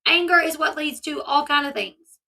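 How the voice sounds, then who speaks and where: A woman's voice: high voice, steady tone, moderate pace, vocal fry, pushed and bright. A woman hosting a commentary channel, talking casually and animatedly, retelling events and acting out the people she quotes.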